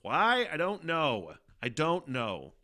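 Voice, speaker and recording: A man's voice: a little high, huge pitch swings, slow, pushed and bright. A man hosting his own podcast, talking in a casual, rambling monologue full of profanity, fillers and laughter. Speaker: podcast host.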